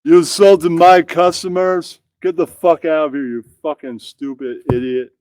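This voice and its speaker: A man's voice: a little high, steady tone, unhurried, a little mellow, clear, resonant tone, no room sound, natural voice. A man voicing an angry young male club owner's son who barks at a comic. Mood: furious.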